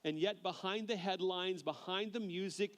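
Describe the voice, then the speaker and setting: A male pastor preaching a sermon in an earnest way, often repeating words as he starts a phrase and slowing down on key lines. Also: high voice.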